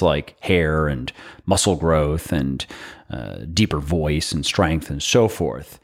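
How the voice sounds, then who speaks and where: A man hosting a solo podcast, explaining a topic in a brisk, explanatory way with wry asides. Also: on the low side. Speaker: podcast host.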